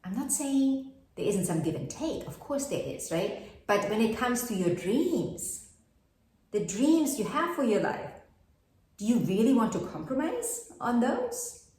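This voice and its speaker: A woman's voice: a little high, big pitch swings, a little slow, a little mellow. Chatty woman in a very echoey room. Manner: chatty, asks many rhetorical questions, laughs at herself. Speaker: astrology forecaster. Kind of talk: casual astrology forecast.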